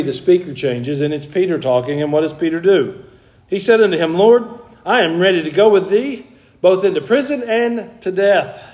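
This man's voice is a little high and a little mellow as he delivers a sermon. Earnest and emphatic, he keeps restarting phrases and pushes his main points with rising stresses.

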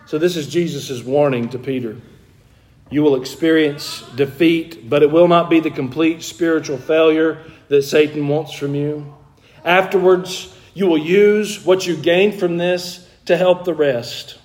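A man's voice: fairly high pitch, a little slow, a little mellow. A man preaching a sermon in an earnest, emphatic way, restarting phrases and pressing key points. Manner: earnest, emphatic, with frequent restarts and rising stresses.

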